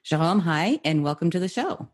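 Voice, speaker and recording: A woman's voice: low-pitched, moderate pace. An American woman hosting an interview podcast, upbeat and enthusiastic. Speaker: podcast host.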